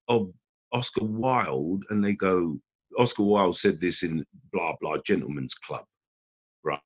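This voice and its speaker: A man's voice: low voice, a little slow, slightly rough, dry recording. A man rambling through casual chat and acting out quotes as he tells stories. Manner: animated storyteller acting out quotes. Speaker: guest. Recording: dull lo-fi podcast recording.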